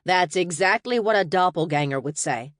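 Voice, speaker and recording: A woman's voice: lowish voice, animated, takes it slowly, dry recording, clean studio sound. A woman voicing a curt male receptionist who holds firm on security.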